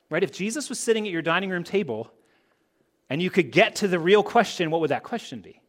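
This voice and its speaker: A male pastor delivers a sermon, leaning on rhetorical questions to draw in his listeners. His voice sits a little high and moves with lively, animated inflection. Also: brisk.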